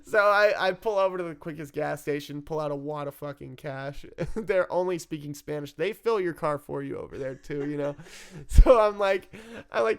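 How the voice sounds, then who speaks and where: Man, somewhat high voice with a gravelly edge, casual storyteller, self-mocking, laughs a lot, swears freely. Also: expressive, normal speed. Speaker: storyteller recounting his addiction.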